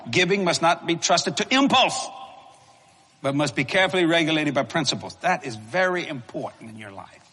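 A middle-aged man delivers a sermon in a folksy, storytelling manner, chuckling as he goes. His voice is a little husky. The sound carries a long reverb, like a big church hall. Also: medium pitch, a bit bright. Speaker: preacher.

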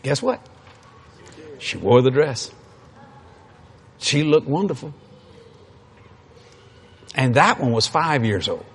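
A man's voice: mid-range voice, big pitch swings, takes it slowly, long pauses, slightly rough. A man preaching a sermon, telling folksy stories in an emphatic way.

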